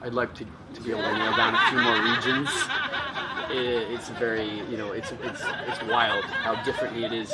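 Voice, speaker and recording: A man hosting a casual chat outdoors in a city, lively and self-deprecating, laughing as he talks. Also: mid-range voice, a little fast, vocal fry, heavy background noise. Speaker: host and voice actor. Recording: distant mic with street crowd.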